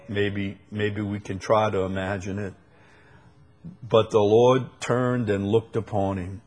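In a lowish voice, a New Orleans–accented preacher reads a scripture passage and unpacks it verse by verse. He speaks deliberately, then climbs into emphatic bursts.

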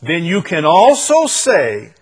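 Preacher, male, fairly high voice, slow and deliberate, emphatic repetition. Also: wildly swooping pitch, breathy edge. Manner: emphatic, swings from loud proclaiming to quiet intensity; repeats phrases for emphasis. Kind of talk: sermon.

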